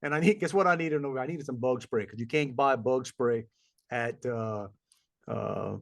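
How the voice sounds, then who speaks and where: A man's voice: mid-range voice, a little slow, vocal fry. A middle-aged man, chatting casually as a podcast co-host and rambling through stories. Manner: rambling storyteller, acts out voices of people he met. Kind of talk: casual chat.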